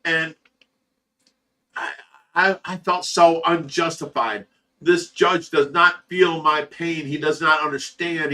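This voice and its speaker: Blunt, bright-voiced middle-aged man. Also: a little high, distant mic. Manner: blunt, profane, earnest fatherly advice. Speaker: livestream host reading chat. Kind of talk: casual livestream chat.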